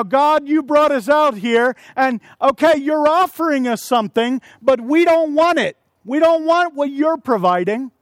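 High-voiced man preaching a sermon. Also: dry recording. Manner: storytelling with acted-out quotes and shouted asides.

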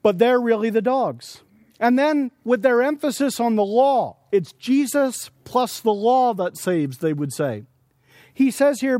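A man's voice: very high voice, darkish tone, no echo. A man preaching a sermon at a conference, earnestly explaining scripture with everyday examples. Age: adult with young children. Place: conference session.

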